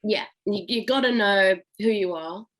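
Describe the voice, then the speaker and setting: A woman's voice: mid-range voice, unhurried. A young adult woman from England, an actress, chatting casually as an interview guest and laughing often.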